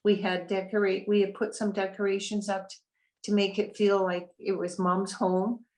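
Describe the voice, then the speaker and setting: A woman's voice: mid-range voice, flat delivery, normal speed, a little mellow, low-quality recording. A middle-aged woman sharing a heartfelt account of her family's experience, talking through fillers and restarts in an interview. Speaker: family member of a resident. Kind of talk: interview testimonial.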